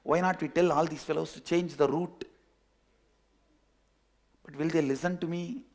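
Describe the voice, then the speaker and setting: A man's voice: on the high side, fairly even intonation, normal speed, a little mellow, natural voice. Man voicing a timid, stubborn lion cub. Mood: fretful. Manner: pleading, muttering to himself. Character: young male lion cub raised among sheep, timid and stubborn.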